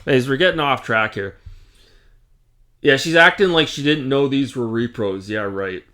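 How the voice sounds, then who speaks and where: A man's voice: medium pitch, moderate pace, sharp tone. Exasperated Canadian man ranting. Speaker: gaming channel host. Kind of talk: casual rant to camera.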